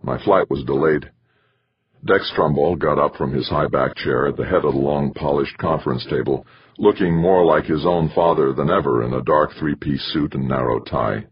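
A man narrating an audiobook in a measured, steady storytelling manner. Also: a bass voice, husky, dry recording. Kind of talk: scripted narration. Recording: dull lo-fi recording.

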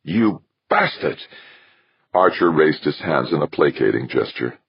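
A man narrating an audiobook in a steady storytelling voice, giving each character a voice. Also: rumbling low, normal speed, gravelly, breathy edge, no echo. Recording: dull lo-fi dry recording.

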